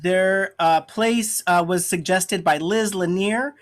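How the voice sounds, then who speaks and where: A man co-hosting an improv show over a video call, passing on audience suggestions in a halting, casual way. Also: sits high.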